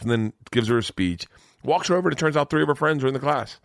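A man's voice: medium pitch, quick pace, no room sound, clean studio sound. A middle-aged man, a comedian, telling stories in a casual chat and acting out other people's lines in raised voices. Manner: animated storyteller, acts out quotes in raised voices. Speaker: guest comedian.

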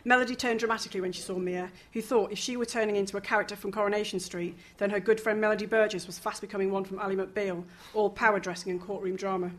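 A woman reading a novel aloud, lively, with casual asides and the odd chuckle. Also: mid-range voice, fast, hardly any pauses. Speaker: reader.

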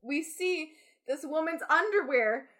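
A young woman co-hosting a podcast, telling a story in an animated way and laughing often in casual chat. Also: sits high, measured pace. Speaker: podcast co-host.

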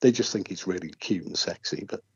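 Husky-voiced Englishman telling rambling stories. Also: sits low, brisk. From England. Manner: chatty storyteller, jokey and rambling. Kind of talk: casual chat. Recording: muffled lo-fi recording.

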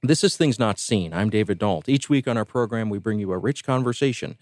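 A man hosting a radio show, reading scripted introductions and a sponsor message in a measured, clear announcer manner. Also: lowish voice, animated, darkish tone, dry recording, studio quality. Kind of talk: scripted host links and sponsor read. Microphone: studio microphone.

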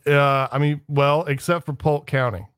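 Man, podcast guest, playful deadpan jokes, smooth mid-pitched voice, dry close sound. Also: moderate pace, dry recording. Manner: joking, playful deadpan asides. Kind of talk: casual joking chat.

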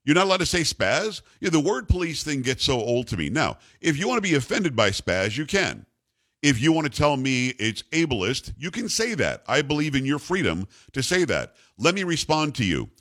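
A man's voice: fairly high pitch, big pitch swings, moderate pace, a bit bright. An older man hosting a talk radio show, ranting in a blunt, combative and jokey way. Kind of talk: opinionated talk radio rant.

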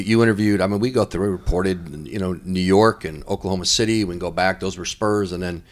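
A man hosting a podcast, asking probing, rambling questions in a conversational way. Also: low voice. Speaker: podcast host and interviewer.

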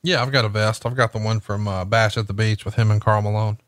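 A man's voice: on the low side, fairly even intonation, quick pace, fairly bright tone. Teasing man cohosting a podcast. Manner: teasing, wisecracking. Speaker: podcast co-host. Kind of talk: casual chat.

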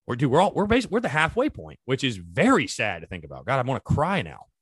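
A man's voice: medium pitch, wildly swooping pitch, fast, a bit bright, breathy edge, no echo. A man hosting a sports podcast, talking casually and animatedly straight to his listeners. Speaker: podcast host. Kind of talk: solo sports podcast talk.

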